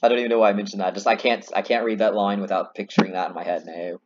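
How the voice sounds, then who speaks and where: A man's voice: on the low side, flat delivery, very fast. A man chatting casually while playing a story game, rambling and self-mocking, on a slightly muffled recording with faint hiss. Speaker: let's play host.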